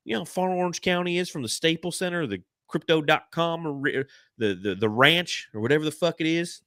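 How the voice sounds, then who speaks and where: Bright-voiced male podcast host. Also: on the high side, expressive, fast talker, dry recording, clean studio sound. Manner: puts on a joking cowboy drawl. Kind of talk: casual sports podcast chat.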